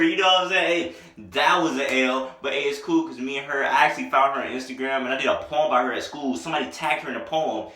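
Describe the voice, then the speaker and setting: A man's voice: mid-range voice, quick pace, hardly any pauses, bright, forceful tone, distant mic. A young man vlogging, telling laid-back, rambling, self-mocking stories in casual talk. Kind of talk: casual storytelling to camera. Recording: echoey room, voice off from mic.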